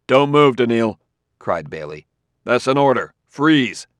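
A man voicing a wary male detective who talks crisply and gives orders. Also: lowish voice, expressive, normal speed, dry recording. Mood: commanding. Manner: sharp, giving crisp orders.

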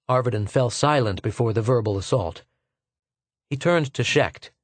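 A man reading an audiobook novel in measured, even scripted narration. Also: medium pitch, no room sound.

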